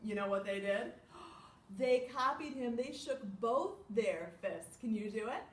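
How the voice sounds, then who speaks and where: A woman reads a storytime to kids, with lively pitch swings and an unhurried pace. She gasps and asks questions along the way. The recording sounds echoey and distant, with a faint hiss behind. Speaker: children's librarian. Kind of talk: storytime reading to children. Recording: echoey room, far from mic.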